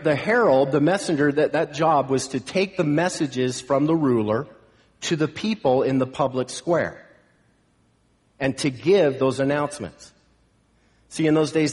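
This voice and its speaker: Preacher in a reverberant hall. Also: male voice, on the high side. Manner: emphatic preaching, swelling to loud proclamations. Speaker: pastor. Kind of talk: sermon.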